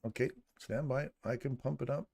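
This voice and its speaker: A man's voice: medium pitch, steady tone, moderate pace, vocal fry, a little mellow, husky. A man hosting a live trading stream, chatting casually and joking while talking himself through his audio settings. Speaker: trading livestream host. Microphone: studio condenser mic.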